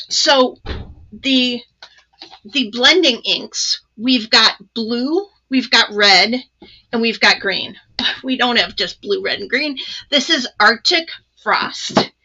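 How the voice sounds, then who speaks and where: Bright chatty woman crafting host. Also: on the high side, lo-fi sound. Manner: chatty, excited, many ums and asides. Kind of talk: casual live crafting demo.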